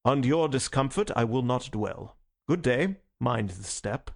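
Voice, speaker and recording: A man reading a storybook voicing a huge, imperious anarchist leader who speaks slowly and mockingly, with a gravelly edge. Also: medium pitch, expressive.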